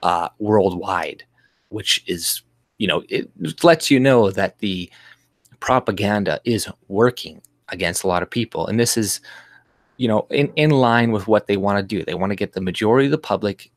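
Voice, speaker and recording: Low-voiced man ranting scornfully. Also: normal speed, no room sound. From Canada. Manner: mocking, rambling, scornful. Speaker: political livestream host. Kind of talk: ranting livestream commentary.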